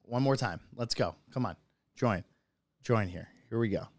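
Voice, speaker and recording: A man hosting a casual live-streamed podcast, chatty and excitable, laughing often. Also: fairly low pitch, normal speed, dry recording, clean studio sound. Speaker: podcast host. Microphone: phone or computer mic on a live stream.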